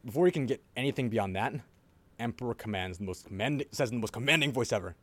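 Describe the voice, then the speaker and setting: A man on a podcast, casually retelling a story in a loose, animated way, with swearing and quoted voices. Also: mid-range voice, fast, no echo. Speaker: podcast host.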